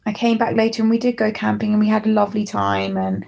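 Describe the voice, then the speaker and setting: Brief: young English woman, musician guest, candid and reflective, a slight gravel in the voice. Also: mid-range voice, flat delivery, fast talker, a little mellow, muffled recording. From England. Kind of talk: candid storytelling interview.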